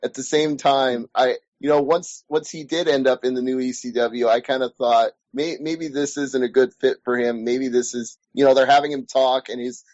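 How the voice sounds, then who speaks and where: A man's voice: medium pitch, little pitch movement, normal speed, hardly any pauses, a little mellow, dry recording, lo-fi sound. A man interviewing a guest in casual chat, thoughtful and hesitant with frequent restarts.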